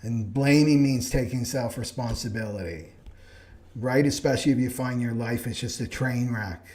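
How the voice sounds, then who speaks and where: A man of middle pitch leads a live spiritual class, speaking earnestly to his listeners. He keeps checking in with them as he teaches. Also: normal speed, darkish tone. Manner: earnest, keeps asking "right?". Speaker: astrology teacher. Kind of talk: live online class talk.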